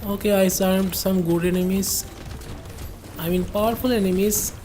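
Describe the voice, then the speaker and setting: A woman's voice: medium pitch, fairly even intonation, normal speed, mellow, faint music behind. A woman commenting on her game during a livestream, musing aloud and rambling in asides to her chat. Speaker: game streamer.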